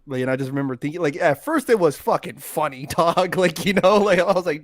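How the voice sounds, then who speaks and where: A man with a slightly high voice tells a story in slangy, animated casual talk, acting out the quotes. His voice sounds dry and close to the mic. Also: quick pace, hardly any pauses, no room sound. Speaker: podcast co-host.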